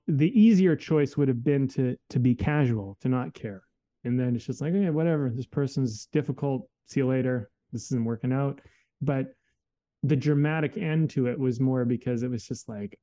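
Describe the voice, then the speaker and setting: A man's voice: medium pitch, mellow. A man telling a personal story in a casual, reflective way, candid and full of fillers and restarts.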